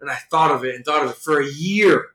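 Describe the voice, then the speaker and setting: A man's voice: fairly high pitch, quick pace, sharp tone. A man co-hosting a podcast, casually retelling a comic book plot in a rambling way, with lots of fillers. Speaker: podcast co-host. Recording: roomy echo.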